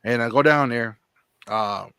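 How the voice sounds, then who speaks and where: A man's voice: medium pitch, unhurried, bright, forceful tone, smooth, no echo, clean studio sound. A man hosting his own channel, telling a long rambling story in casual chat, repeating words and acting out what people said. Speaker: channel host.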